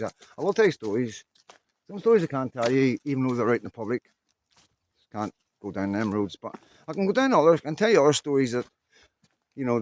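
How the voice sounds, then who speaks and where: A man's voice: mid-range voice, a little hiss or hum. A man in his fifties with a Northern Irish accent, talking candidly and bluntly to camera while out on a muddy walk, rambling from one story to the next. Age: 50s. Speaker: vlogger. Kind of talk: casual monologue to camera.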